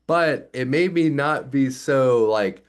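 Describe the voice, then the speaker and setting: A man's voice: medium pitch, takes it slowly, clean tone. A man in his thirties, a music teacher explaining his method in casual talk and acting out sounds with his voice. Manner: animated, demonstrates sounds with voice play.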